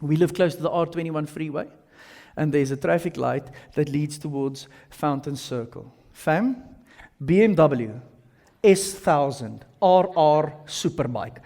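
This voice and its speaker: A man preaching a sermon as pastor, telling lively stories with casual slang. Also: a little high, measured pace, creaky. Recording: long reverb of a large hall.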